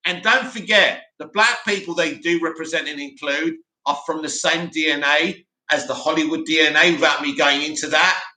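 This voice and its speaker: A man hosting a live stream, reading viewer comments aloud and giving animated, opinionated replies. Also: a little high, moderate pace, hardly any pauses. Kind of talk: casual live chat reading. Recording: roomy echo.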